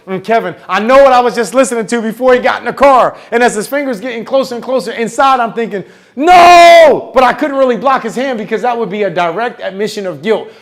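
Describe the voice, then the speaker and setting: Animated man telling a story on stage. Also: high voice. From United States. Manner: animated, acts out dialogue with big swings in volume. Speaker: motivational speaker. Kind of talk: storytelling keynote talk.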